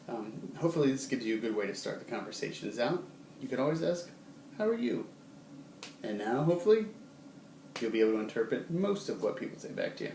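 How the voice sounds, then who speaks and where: A man teaching a casual video lesson in a relaxed way, with many ums, who acts out short example phrases. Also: mid-range voice. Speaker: sign language teacher. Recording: roomy, distant, faint background hum.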